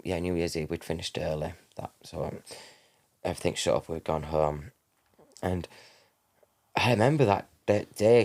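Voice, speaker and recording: A man in his thirties with a fairly low voice tells a long personal story. He rambles, corrects himself as he goes, and acts out what each person said. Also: a little mellow. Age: 30s. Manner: rambling, self-correcting, acts out quoted dialogue. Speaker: guest.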